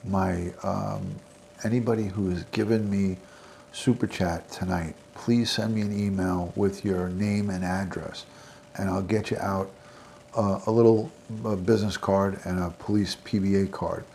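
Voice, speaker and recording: A middle-aged man with a New York accent talks loosely to his livestream viewers, his low voice rough with gravel. He rambles from one thank-you and shout-out to the next in an easygoing way. A faint hiss sits under the recording. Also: fairly even intonation, unhurried. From American South. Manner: rambling, friendly shout-outs to chat viewers. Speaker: livestream host. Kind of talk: casual livestream sign-off chat.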